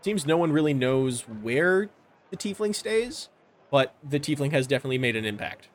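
A man running a tabletop game as game master, describing scenes in a relaxed, descriptive way with filler words. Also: mid-range voice, moderate pace. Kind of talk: narrating a tabletop game over a call.

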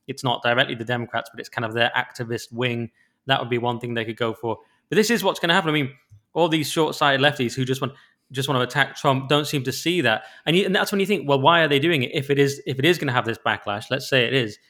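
A man co-hosts a casual podcast chat. He talks fast, with a bright, forward tone. His delivery is animated and opinionated, full of quick restarts. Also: mid-range voice. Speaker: podcast co-host.

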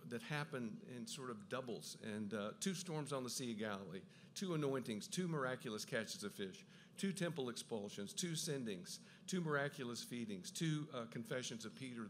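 A man giving an enthusiastic Bible talk, with quick asides and frequent restarts as he explains. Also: mid-range voice, expressive, slight background noise. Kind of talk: lively lecture on the Gospels.

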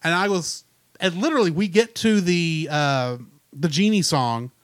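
A man co-hosting a casual movie review podcast, ranting in an animated, opinionated way. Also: a little high, moderate pace, clear, resonant tone, no room sound, studio quality. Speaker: podcast co-host.

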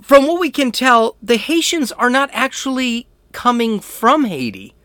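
A man's voice: very high voice, big pitch swings, unhurried, sharp tone, dry recording. A man hosting a political talk show, giving blunt, combative and sarcastic opinion commentary.

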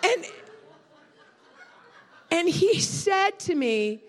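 A woman's voice: on the high side, slow pace. A middle-aged woman preaching a sermon as a guest speaker, telling stories with laughter and exclamations. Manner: animated storytelling, laughing and shouting.

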